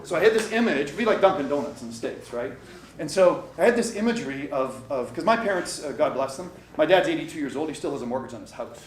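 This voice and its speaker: A middle-aged man giving a motivational workshop talk to a live audience, animated and addressing the crowd directly. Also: fairly high pitch, fast. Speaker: coach and workshop speaker. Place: conference room with live audience. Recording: echoey room, distant mic, faint noise.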